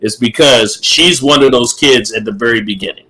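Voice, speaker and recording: A man's voice: mid-range voice, normal speed, sharp tone, rough recording. A middle-aged man co-hosting a casual podcast chat, opinionated, repeating himself and laughing often. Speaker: podcast co-host.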